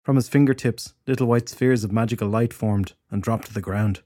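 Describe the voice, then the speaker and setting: A man narrating a fantasy audiobook in a steady, measured storytelling voice. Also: lowish voice, no echo. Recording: dry close studio recording.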